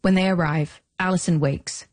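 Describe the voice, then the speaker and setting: Low-voiced woman narrating a documentary. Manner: measured and even. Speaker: podcast host and narrator.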